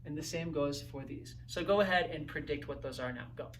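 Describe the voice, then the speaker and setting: A man's voice: on the high side, a little fast, fairly bright tone, recorded from a distance, a little hiss or hum. A man teaching a recorded grammar lesson in an upbeat, coaching way, often checking in with "right?" and "okay?". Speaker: Spanish teacher.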